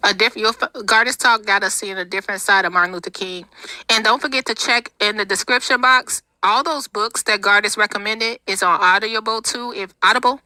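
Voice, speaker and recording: Sharp-voiced sarcastic woman streamer. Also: medium pitch, brisk, no room sound. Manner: sarcastic, exasperated, laughing asides. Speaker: commentary channel host. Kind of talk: livestream commentary, reading comments.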